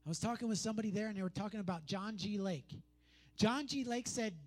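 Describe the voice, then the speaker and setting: A man's voice: high-pitched, a little fast. A man preaching a sermon, pressing his points through repetition and conversational asides.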